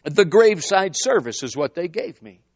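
In church, a man with a high voice and a moderate pace delivers a sermon, acting as an animated storyteller who calls out to his congregation. There's no room sound, but the audio is dull and lo-fi.

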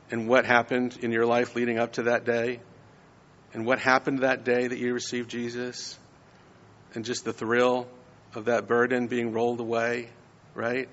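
A man's voice: medium pitch, a bit bright, long reverb tail, highs cut off. A man giving a conversational sermon, often checking in with his listeners. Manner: conversational, frequent "right?" tags. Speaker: preacher.

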